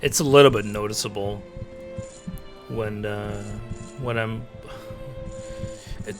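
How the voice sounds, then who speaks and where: A native Dutch speaker with a Dutch accent chats casually on a live stream from his home setup, rambling with lots of fillers and restarts. His voice is lowish, steady and slow, and loud music plays underneath.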